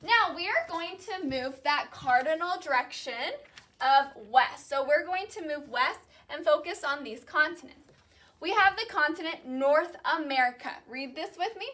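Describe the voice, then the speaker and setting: High bright teacher drilling vocabulary. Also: female voice, expressive. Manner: slow, clearly enunciated drilling of vocabulary. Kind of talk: call-and-repeat classroom lesson.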